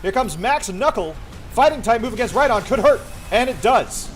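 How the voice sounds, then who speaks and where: Brief: hyped stadium announcer, put on by a man, raised and loud, big dramatic calls, faint music behind. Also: animated, moderate pace. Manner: booming, dramatic play-by-play hype. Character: excited male sports stadium announcer. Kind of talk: mock sports commentary over gameplay. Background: faint background music.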